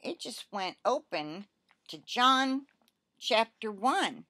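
An older woman slowly reading aloud a message she says she received in prayer, with asides between passages. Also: on the high side, very animated, dry recording, studio quality. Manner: slow, deliberate reading with soft emphasis and asides. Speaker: Christian prophetic message reader. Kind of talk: reading a received prophecy aloud, then commenting.

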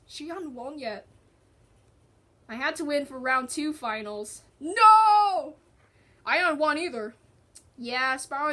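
A woman hosting a gaming video, excitedly reacting to a match and chatting in voices for her stuffed animals. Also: high-pitched. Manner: excitable, squealing and groaning at the game. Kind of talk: playful game commentary with toy voices.

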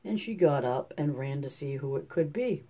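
A man reading a fairy tale aloud at a steady, measured pace. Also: fairly high pitch. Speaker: storyteller.

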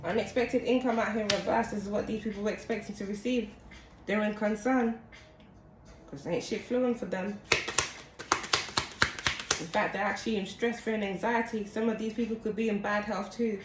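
A woman's voice: medium pitch, normal speed, long pauses. A woman giving a casual tarot reading to her viewers, chatty and often calling out to them as guys. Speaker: tarot card reader. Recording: echoey room with steady background noise.

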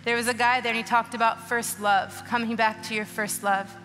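A woman in her thirties delivers an earnest, emotional testimony sermon, her voice bright and a little high. She speaks into a stage mic in a large church auditorium, with long reverb trailing her words and faint music playing beneath. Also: flat delivery, fairly quick. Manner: emotional, earnest, preaching with rising urgency. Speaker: guest speaker. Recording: long hall reverb with soft music behind.

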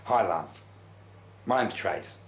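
A man's voice: deep voice, lively intonation, slow, echoey room. A man voicing a fed-up, nagging single mum with an Australian accent, in a comedy sketch. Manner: nagging, then confiding and hushed.

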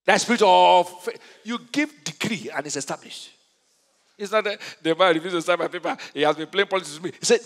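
A male pastor delivers an emphatic sermon, tossing call-and-response questions at his congregation. His voice sits high and rings bright and forceful. The sound carries the long reverb of a large church hall. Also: fast.

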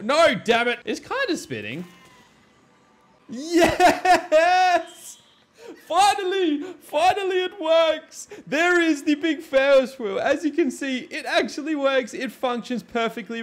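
A man giving excited, exclaiming commentary while playing a building game, often shouting at it and laughing. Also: sits high. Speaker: gaming video creator. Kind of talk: excited let's-play commentary.

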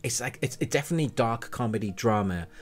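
A man's voice: mid-range voice, lively intonation, quick pace. A man giving a casual, enthusiastic spoken review of a TV series, rambling a little and restarting his sentences.

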